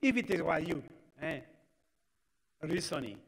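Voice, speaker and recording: On a church live stream full of long reverb, a man preaches to young people in a church hall, his Kenyan-accented English laced with Swahili as he acts out family exchanges. His voice runs high and very animated, creaky and slightly rough, at a measured pace.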